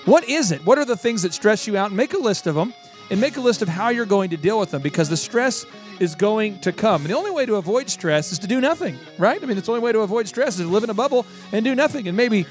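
High-voiced talk radio host. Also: male voice, lively intonation, soft background music. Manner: quick storytelling, acts out quotes. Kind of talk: casual radio chat.

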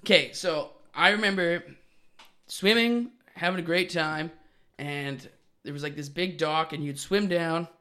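Male podcast host, slightly high voice, animated raconteur who acts out voices and laughs easily. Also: a little slow. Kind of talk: casual podcast chat.

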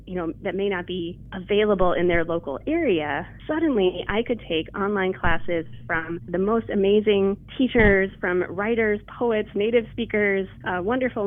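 A woman with a lowish voice calls in to a radio interview as a guest linguist, telling her story in a chatty, enthusiastic way with many restarts. She comes through a thin, tinny telephone line, and the recording is dry with no room sound around it.

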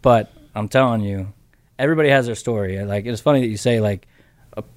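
Middle-aged guy rambling on a podcast, low voice, lots of restarts, dry close mic. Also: fairly quick, no room sound. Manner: rambling, restarts a lot, swears casually. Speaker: podcast guest. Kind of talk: casual interview chat.

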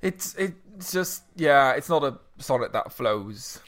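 Man, podcast co-host, casual chat, hesitant, medium pitch. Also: animated, slow pace, a bit bright. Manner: hesitant, thinks aloud with restarts.

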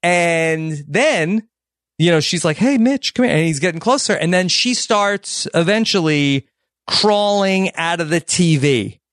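A man's voice: fairly high pitch, a little slow, fairly bright tone, no room sound, clean studio sound. A man co-hosting a podcast, casually recapping a movie and acting out the characters' lines as he goes. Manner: storytelling, acts out characters' lines. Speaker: podcast co-host.

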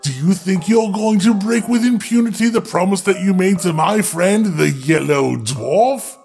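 A man doing a cackling, shrill old fairy crone. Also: measured pace, gravelly, darkish tone, soft background music. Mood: menacing. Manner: cackling, imperious threats.

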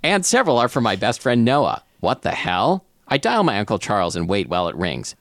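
A man's voice: fairly low pitch, brisk, few pauses, no room sound, studio quality. Wry man reading a book aloud. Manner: wry, deadpan reading punctuated by laughter. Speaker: podcast co-host.

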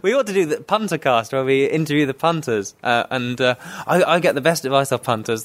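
A man hosting a comedy podcast in casual chat, joking and laughing often. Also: mid-range voice. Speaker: podcast host.

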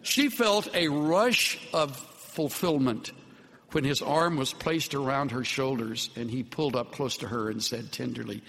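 A man preaching a sermon with an earnest, unhurried delivery that softens to tender, quiet passages. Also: medium pitch, creaky, big-room sound. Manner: slow, earnest preaching with soft, tender dips. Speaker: pastor.

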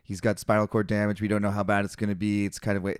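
A man hosting a podcast in casual chat, swearing often and working himself up into animated rants. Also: on the low side, racing, smooth, dry recording, clean studio sound. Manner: profane, ranting, animated storytelling. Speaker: podcast host.

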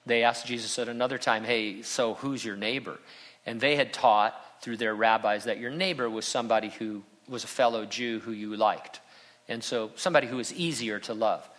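A man's voice: mid-range voice, brisk. A middle-aged man preaching a sermon as pastor, conversational and humorous, with emphatic turns. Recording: bright voice in a hall with long reverb.

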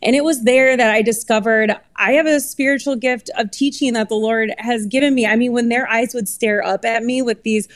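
A woman's voice: a little high, steady tone, moderate pace, hardly any pauses. A woman in her thirties with a Minnesotan accent, chatting as a podcast guest and Bible teacher, bubbly and self-deprecating. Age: 30s. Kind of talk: casual chat.

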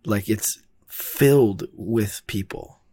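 Laid-back man with a lower voice. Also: slow, warm tone, breathy edge. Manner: rambling, laid-back, heavy on fillers and swearing. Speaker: filmmaker telling a production story. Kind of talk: casual storytelling.

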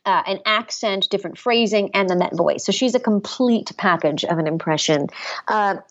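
A woman impressionist being interviewed over the phone, talking in animated, chatty bursts and correcting herself as she goes. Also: mid-range voice, moderate pace, muffled recording. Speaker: impressionist guest. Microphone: phone line.

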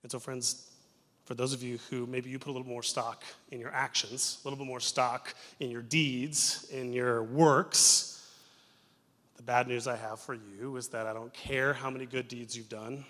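A young adult man preaching a sermon in a church as pastor, telling stories in an animated way that moves between loud and hushed. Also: medium pitch, moderate pace. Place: church sanctuary. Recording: reverberant church sanctuary.

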